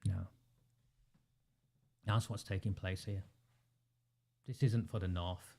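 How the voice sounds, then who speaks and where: A Northern English livestream host delivers a passionate, indignant monologue, emphatic and repetitive. He speaks slowly in a low, mellow voice with a steady tone and vocal fry.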